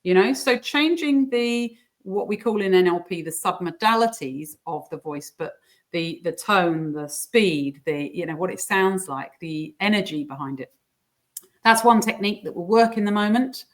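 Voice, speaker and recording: A woman explaining coaching techniques in a casual interview, sometimes putting on squeaky voices for examples. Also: lively intonation, moderate pace. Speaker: guest coach.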